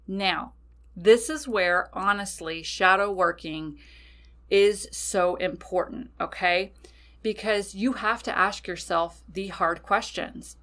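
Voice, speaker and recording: A woman's voice: on the low side, creaky, pushed and bright. A woman hosting a podcast, explaining things casually and emphatically, often checking in with "okay?". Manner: chatty, frequent "okay?", emphatic. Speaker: podcast host, witch. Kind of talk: casual spoken teaching.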